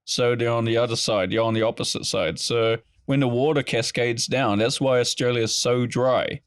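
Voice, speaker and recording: A man's voice: medium pitch, fairly even intonation, normal speed, smooth. A man co-hosting a casual comedy podcast, joking around and now and then putting on silly voices. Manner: jokey, slips into mock accents and silly voices. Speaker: podcast co-host.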